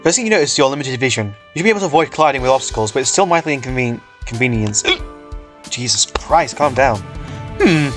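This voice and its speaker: A man's voice: medium pitch, expressive, rapid-fire, fairly bright tone, soft background music. Casual man reading a fan comic aloud. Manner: casual, swears, stumbles over words. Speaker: reader.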